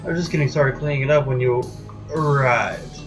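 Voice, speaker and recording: A man's voice: mid-range voice, brisk, natural voice. A man reading out game dialogue as a creepy, grinning male innkeeper who stretches and oddly stresses his words, over music. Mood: creepy cheerful.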